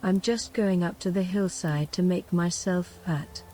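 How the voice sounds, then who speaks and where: A woman voicing a tiny, meek young male billy goat from a storybook in soft whispered role-play. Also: on the low side, steady tone, a little slow, a little hiss or hum, natural voice, low-quality recording. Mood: pleading.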